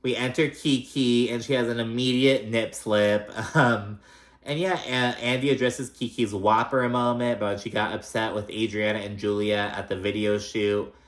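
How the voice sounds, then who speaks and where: A man's voice: lowish voice, steady tone, moderate pace. Gossipy man in a roomy echo. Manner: chatty, gossipy and profane, with frequent fillers. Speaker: reality TV recap host. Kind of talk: casual recap commentary.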